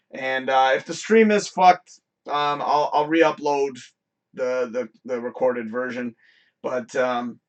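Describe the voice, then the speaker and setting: A man's voice: on the high side, fairly bright tone. A man hosting a live stream, telling a story in a casual, profane rant and laughing often. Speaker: host.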